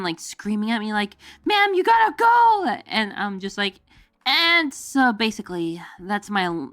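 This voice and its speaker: A woman's voice: medium pitch, fairly bright tone, clear, resonant tone, no echo. A woman streamer chatting casually with her viewers, rambling with lots of fillers, giggling, and jumping into goofy quoted voices. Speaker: VTuber streamer. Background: faint background music.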